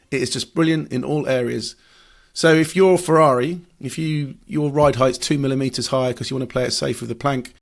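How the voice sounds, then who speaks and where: A man's voice: mid-range voice, vocal fry. A man, a motorsport journalist, explaining racing strategy in a podcast discussion, analytical with frequent fillers and restarts.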